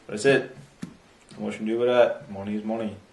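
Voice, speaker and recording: An actor with a Newfoundland accent playing a blunt, profane small-town buddy, talking in clipped slang. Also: male voice, lowish voice, level tone, a little fast, gravelly, darkish tone. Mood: gruff. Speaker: mockumentary interviewee. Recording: roomy echo, distant mic, faint hiss.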